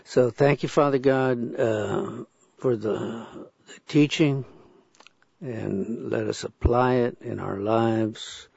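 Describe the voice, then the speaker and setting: A man leading a spoken prayer, halting with many fillers. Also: mid-range voice, gravelly, darkish tone, slightly rough, dry recording, highs cut off. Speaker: prayer leader.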